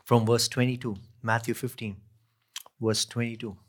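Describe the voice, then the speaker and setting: A man's voice: medium pitch, little pitch movement, moderate pace. Male pastor, mid-range voice, preaching, repeats phrases for emphasis. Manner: reads scripture aloud and repeats key phrases for emphasis; asks the congregation questions. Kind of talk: sermon.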